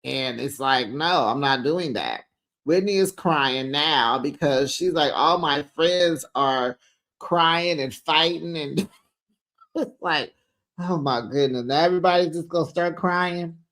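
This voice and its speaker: A man's voice: on the high side, slow, fairly bright tone. A man hosting a casual reality TV recap, chatty and gossipy, acting out the cast's lines with sass. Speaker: host.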